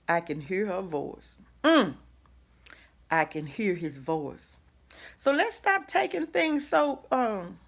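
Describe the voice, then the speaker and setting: A woman's voice: mid-range voice, a bit bright. A middle-aged woman, giving a folksy, preacherly motivational talk full of asides and rhetorical questions. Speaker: host. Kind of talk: casual motivational talk to camera.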